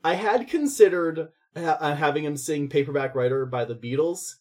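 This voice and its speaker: A chatty man with a slightly raised, husky voice talks through ideas in a loose, laughing way. He is co-hosting a casual podcast conversation. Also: a little high, moderate pace, darkish tone. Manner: chatty, laughing, acts out quoted lines. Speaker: podcast co-host.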